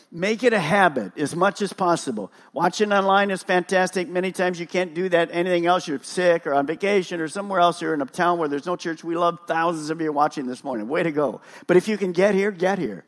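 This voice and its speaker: A male pastor preaching a sermon at a church service, emphatic and full of rhetorical questions. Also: sits high.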